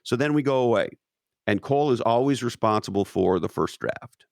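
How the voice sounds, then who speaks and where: A man's voice: mid-range voice, lively intonation, moderate pace, vocal fry, darkish tone, no room sound, studio quality. A man talking casually as an interview guest, emphatic and profane, with many restarts.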